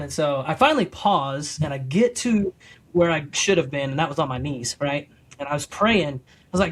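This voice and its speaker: A middle-aged man appears as a podcast guest, sharing his testimony in a loose, meandering way and restarting often. His voice sits on the high side at a normal speed, with a little background noise. He's an animated storyteller who performs his own quotes as he goes.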